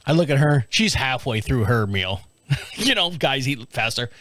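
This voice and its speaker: A man's voice: mid-range voice, moderate pace, a little hiss or hum. A man hosting his own show, telling a casual story alone and acting out the voices in it with frequent laughs. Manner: animated, acts out quoted voices, laughs often. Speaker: podcast host.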